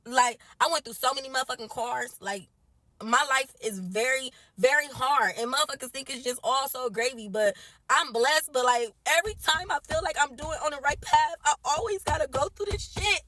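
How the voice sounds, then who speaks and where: This young mother from the US has a high, pushed, bright voice and talks fairly quickly, captured in a rough recording. Sitting in her car, she records a social media video of tearful, profanity-heavy, exasperated venting.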